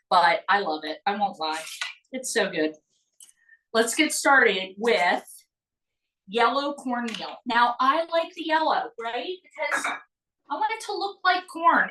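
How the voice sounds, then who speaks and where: A woman's voice: on the high side, a bit bright, roomy sound, distant mic, poor audio. Bubbly woman teaching a cooking class. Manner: bubbly, chatty, greets viewers by name. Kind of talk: live online cooking demonstration.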